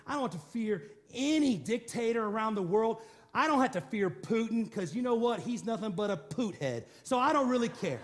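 A man's voice: high voice, animated, moderate pace. A man preaching a sermon, driving his points home with repeated declarations and rhetorical questions, and calling on the congregation to respond. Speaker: pastor.

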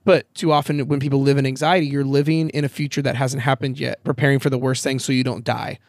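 A man's voice: medium pitch, steady tone, fast talker, dry recording, studio quality. A man telling a story in a casual podcast conversation, candid and swearing freely, acting out the voices of the people in it. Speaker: podcast guest. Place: outdoors in a backyard.

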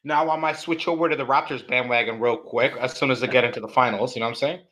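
A man's voice: mid-range voice, fairly even intonation, quick pace, sharp tone. A man co-hosting a sports podcast, talking playfully in slang with lots of fillers. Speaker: podcast co-host. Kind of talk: casual sports podcast chat.

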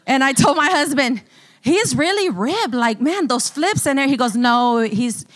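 Woman pastor, high voice, animated church testimony full of laughter. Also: moderate pace. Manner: animated storytelling, breaks into laughter often. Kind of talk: sermon testimony. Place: church service.

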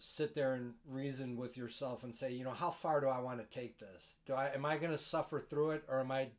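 A man's voice: mid-range voice, steady tone, fairly quick. A man co-hosting a casual podcast in a laid-back, joking way, swearing casually. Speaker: podcast co-host. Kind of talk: casual chat.

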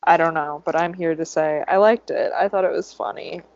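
A woman's voice: on the low side, normal speed, a little mellow, no echo, dull audio. A woman co-hosting a podcast, chatting casually and rambling with many fillers. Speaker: podcast co-host. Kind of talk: casual chat.

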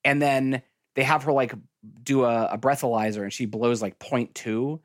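A man's voice: medium pitch, moderate pace, no echo. Guy rambling on a movie podcast, dry close sound, lots of likes. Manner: rambling, animated, many fillers. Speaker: podcast co-host. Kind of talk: casual movie review chat.

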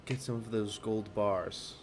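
A man voicing a possessed male guide, speaking softly and calmly. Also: on the low side, measured pace, a little hiss or hum, lightly acted. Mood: eerie.

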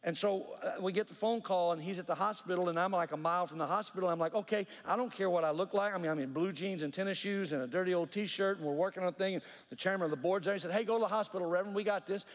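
A man preaching a sermon, telling a story with earnest, animated delivery and repeated words. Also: high voice, long reverb tail. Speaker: pastor.

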